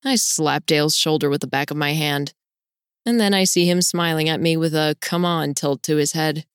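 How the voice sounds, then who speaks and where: A woman narrating a novel in the first person, reading expressively with sudden bright leaps of pitch. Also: normal speed, smooth, no room sound, clean studio sound. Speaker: audiobook narrator.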